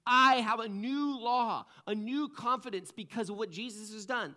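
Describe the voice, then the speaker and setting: A man preaching a sermon in an earnest way, swinging between louder passages and soft, low emphasis. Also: unhurried. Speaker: pastor.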